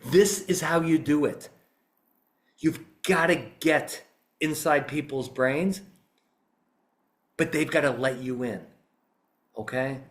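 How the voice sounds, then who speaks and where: A man who is a litigation psychologist, giving an animated, emphatic instructional talk on a podcast. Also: fairly high pitch, takes it slowly, pauses often.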